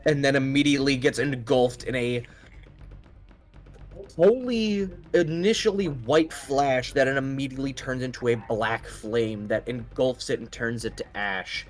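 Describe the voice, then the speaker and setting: A man narrating a tabletop game as game master, halting often with ums and restarts. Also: medium pitch, steady tone, soft background music.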